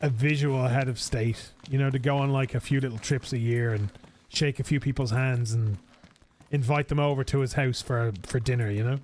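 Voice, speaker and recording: A man's voice: mid-range voice, fairly even intonation, moderate pace, a little mellow, slight background noise. A man with an Irish accent chatting casually and rambling while streaming a game. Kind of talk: casual gaming stream chat.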